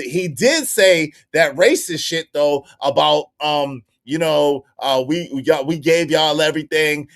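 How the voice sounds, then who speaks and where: Animated man hosting a livestream. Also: a little high. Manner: animated, repetitive, talks to the chat. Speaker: livestream host. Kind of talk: casual livestream commentary.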